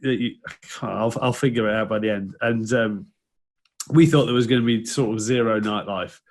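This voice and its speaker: A man's voice: lowish voice, normal speed. A man, a former rugby player, chatting casually on a podcast, jokey and thinking aloud as he recalls things. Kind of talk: casual chat.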